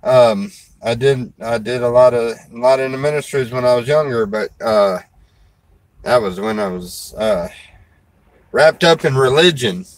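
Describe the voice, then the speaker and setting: A man's voice: medium pitch, measured pace, dry recording, rough recording. A man, a preacher and show host, chatting casually in a folksy, rambling way and laughing often. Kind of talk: casual chat.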